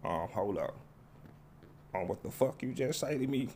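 A man's voice: medium pitch, animated, moderate pace, mellow, a little hiss or hum, natural voice. A man voicing a hot-tempered tough guy who curses and threatens. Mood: angry. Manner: gruff, cursing, threatening. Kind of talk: comedy skit voices.

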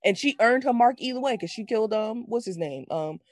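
A woman co-hosting a casual movie review chat, animated and slangy, laughing often. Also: a little high, a little fast, no echo, studio quality. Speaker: podcast co-host.

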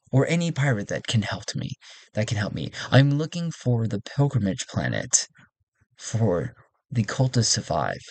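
A man's voice: fairly low pitch, darkish tone, slightly rough, no echo, full character voice. A man voicing a tired male spacefarer who sends out an earnest request for help. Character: weary male spacefarer posting a plea.

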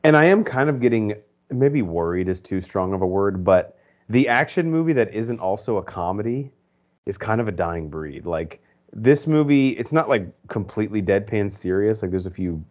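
A man's voice: fairly low pitch, expressive, normal speed, a little mellow. A man co-hosting a podcast, giving rambling, opinionated movie reviews in casual chat full of fillers. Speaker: podcast co-host. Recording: dull lo-fi podcast audio.

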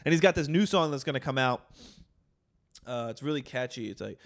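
A man co-hosting a podcast, telling stories in casual chat, swearing often and getting animated. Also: mid-range voice, a little fast, pauses often, no room sound. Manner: profane, animated storytelling. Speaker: podcast co-host.

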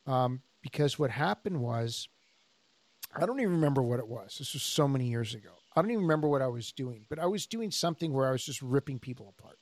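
A man co-hosting a podcast as a jiu-jitsu instructor, telling stories in a casual, animated way and acting out the people he quotes. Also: medium pitch, quick pace, no echo. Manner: animated storyteller, acts out quoted dialogue.

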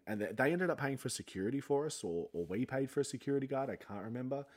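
Animated and quick, with few pauses, a young man talks in a mid-range, slightly mellow voice on his casual solo podcast. His jaw is sore from getting his wisdom teeth out, so he sounds a little funny, and he rambles chattily with plenty of self-mockery.

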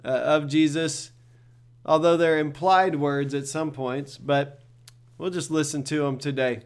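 A middle-aged male pastor with a fairly high-pitched voice gives a devotional talk, earnest and conversational, often repeating words as he thinks.

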